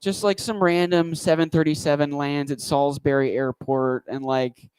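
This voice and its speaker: A man's voice: a little high, steady tone, normal speed, darkish tone, clear, resonant tone, dry recording, poor audio. A man doing a stand-up comedy set on a club stage, talking into a handheld mic with a wry, rambling delivery.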